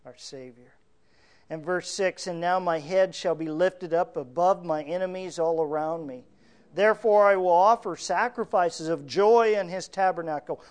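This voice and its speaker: A man preaching a sermon, reading scripture verse by verse and explaining it, swelling louder on emotional lines and dropping softly on quiet ones. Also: high-pitched, normal speed. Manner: earnest, reads scripture aloud and explains it verse by verse. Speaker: pastor.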